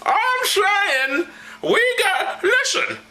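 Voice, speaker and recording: A man's voice: extremely high pitch, big pitch swings, drawn-out words, reverberant, noisy background, voice pushed up, heavily acted. A man voicing the apostle Paul as a whiny, indignant, drunk-sounding figure in a comedy sketch, squealing with outrage.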